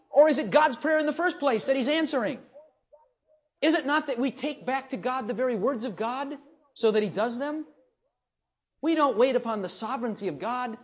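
A man preaching a sermon, shifting from low, quiet asides to loud, rising questions to the congregation.

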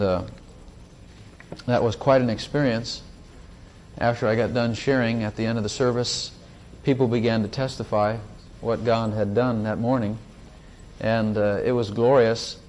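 A man preaching a sermon, praying and sharing testimony, who rises in pitch and volume at emphatic points and reads scripture slowly. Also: darkish tone, a little hiss or hum. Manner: slow, drawn-out scripture reading.

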